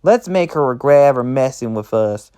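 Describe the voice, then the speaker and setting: A man's voice: mid-range voice, expressive, moderate pace, mellow, clear, resonant tone, natural voice. A man voicing a sinister, vengeful young female imp with a menacing, taunting manner.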